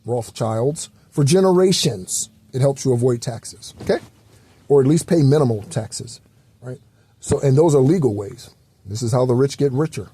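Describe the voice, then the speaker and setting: Rambling man with a mellow voice. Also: medium pitch, animated, moderate pace, husky. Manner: loose, rambling, repetitive with fillers and occasional swearing. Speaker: spiritual channel host. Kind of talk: casual spiritual talk.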